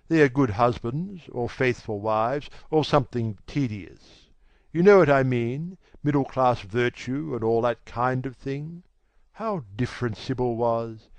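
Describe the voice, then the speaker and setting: A man reading an audiobook, voicing a vain, cold young gentleman who talks in a languid, dismissive way. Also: medium pitch, dry recording, voice pushed up, lightly acted. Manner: languid, self-assured, dismissive. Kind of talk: audiobook character voice.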